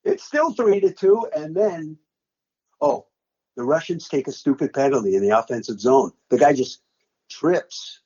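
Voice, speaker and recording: A man's voice: a little high, expressive, a little slow, a little mellow, dull audio. An older male sportscaster telling the story of a game he called, dramatically re-enacting his own play-by-play. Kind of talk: animated storytelling interview.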